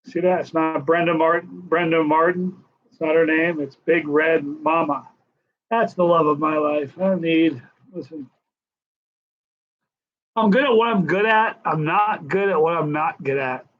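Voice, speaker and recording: A man in his sixties hosting a casual live stream Q&A, telling stories in a chatty, animated way. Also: on the high side, a little slow. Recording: dull lo-fi live stream audio.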